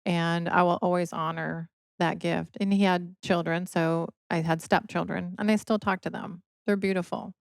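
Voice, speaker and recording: A woman's voice: on the low side, flat delivery, moderate pace, gravelly, few pauses, clear, resonant tone, no echo, clean studio sound. A middle-aged woman from Michigan, a podcast guest telling her personal story in an earnest, emotional way. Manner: earnest, emotional, quotes others in dialogue.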